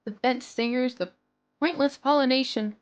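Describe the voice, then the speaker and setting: A woman's voice: sits high, moderate pace, close to an everyday voice. A woman reading aloud as a young male bee, earnest and cheeky, in a plain script-reading manner. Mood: deadpan.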